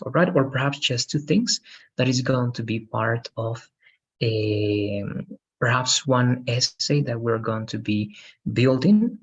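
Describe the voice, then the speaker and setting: A man's voice: medium pitch, husky, lo-fi sound. A man teaching an English grammar lesson online, checking in with "right?" after almost every sentence.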